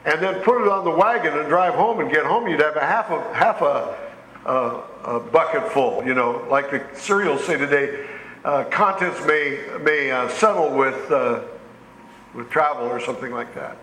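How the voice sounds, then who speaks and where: A man pastor delivering a sermon, his voice pitched a little high and carrying around an echoey church sanctuary. He tells homespun stories and rises in emphasis when he quotes scripture. A faint room hum sits behind him. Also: moderate pace, a bit bright. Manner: folksy storytelling with rising emphasis on scripture.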